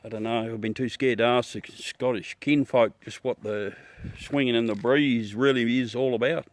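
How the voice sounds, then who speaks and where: A man's voice: mid-range voice, fairly even intonation, moderate pace, dry recording. A middle-aged Australian man hosting a livestream, chatting casually with viewers, laughing, joking and swearing as he talks. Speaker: livestream host. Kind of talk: casual chat with live viewers.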